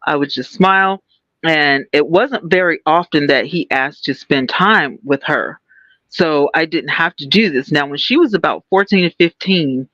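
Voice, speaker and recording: A woman's voice: deep voice, fairly bright tone, dry recording, highs cut off. A woman co-hosting a casual podcast, speaking candidly and personally with many fillers. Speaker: podcast co-host.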